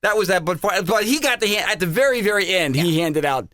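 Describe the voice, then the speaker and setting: Lively high-voiced older man telling tales. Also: quick pace, no echo, studio quality. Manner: animated, acts out voices in anecdotes. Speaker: podcast co-host. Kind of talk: casual storytelling chat.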